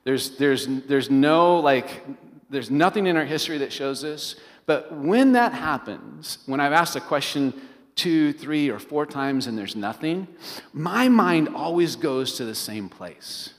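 A middle-aged man, a pastor, preaching a sermon as an animated storyteller who keeps asking the congregation questions. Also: fairly high pitch, unhurried. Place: large church hall. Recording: long reverb of a large hall.

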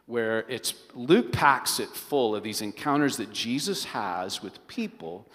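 A middle-aged man, a pastor, preaching a sermon as an animated storyteller who keeps asking the congregation questions. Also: mid-range voice, unhurried. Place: large church hall. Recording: long reverb of a large hall.

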